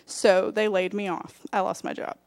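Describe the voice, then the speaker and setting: A woman's voice: medium pitch, normal speed, no room sound. A young woman with a Southern US accent giving a personal testimony at a church service, telling her story with lots of acted-out quotes and laughs. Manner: animated storytelling, acting out quotes, frequent laughs.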